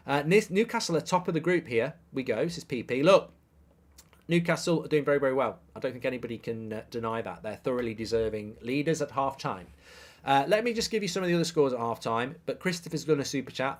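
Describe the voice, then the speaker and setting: The voice is a man, middle-aged, riffing on football for a live-stream audience. He is opinionated and jokey, with casual swearing, and his voice sits at a middling pitch. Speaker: football watchalong host. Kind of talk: live-stream football chat, reading viewer comments.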